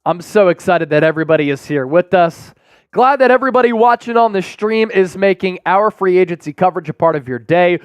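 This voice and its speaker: A man's voice: high voice, expressive, a little fast, clean tone, no room sound. A man hosting a live sports stream, reading sponsor copy and viewer super chats with energy. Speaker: sports show host.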